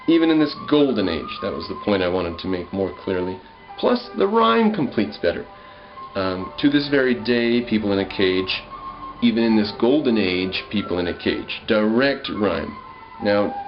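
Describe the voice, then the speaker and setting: A man reading lines of his poem aloud and musing over how he wrote them, pausing often with ums and restarts. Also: fairly low pitch, muffled recording. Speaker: poet. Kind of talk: casual spoken commentary on his own poem.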